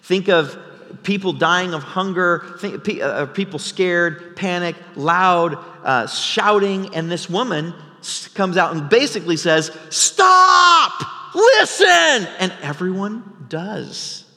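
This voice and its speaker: A male pastor preaches an expository sermon, telling the story vividly and conversationally with frequent restarts. His voice sits somewhat high, and the long reverb of a large sanctuary trails behind him. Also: takes it slowly, bright, forceful tone.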